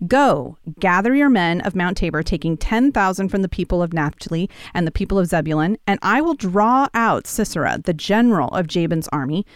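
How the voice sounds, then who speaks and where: A woman teaching a Bible passage in a casual, conversational way, telling the story with animated quoted lines. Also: mid-range voice, clean tone, no echo, studio quality.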